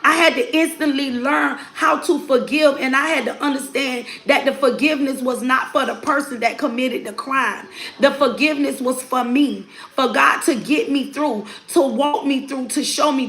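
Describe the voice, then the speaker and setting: A woman's voice: high-pitched, normal speed, fairly bright tone, echoey room. A woman sharing a personal faith testimony in an earnest, preacher-like cadence, quoting scripture and laughing often as she talks. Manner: laughs often while speaking. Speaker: mother sharing her testimony.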